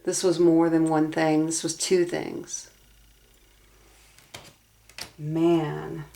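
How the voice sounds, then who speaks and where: Young woman tarot reader, low and steady pitch, earnest, personally invested delivery. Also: slow, gravelly, long pauses. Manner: earnest, emotionally invested, talks through cards aloud. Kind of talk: tarot reading monologue.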